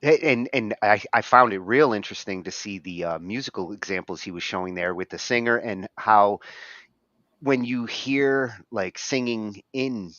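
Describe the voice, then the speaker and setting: Halting podcast co-host with a lowish voice and a dry, close sound. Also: male voice, a bit bright, no room sound. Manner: halting, full of restarts and fillers. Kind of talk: casual chat. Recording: dull lo-fi recording.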